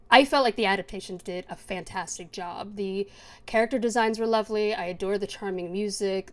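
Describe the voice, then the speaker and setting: A woman's voice: mid-range voice, darkish tone. A young woman co-hosting a podcast, chatting casually and enthusiastically about anime and laughing often. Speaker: podcast co-host. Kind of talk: casual anime review chat.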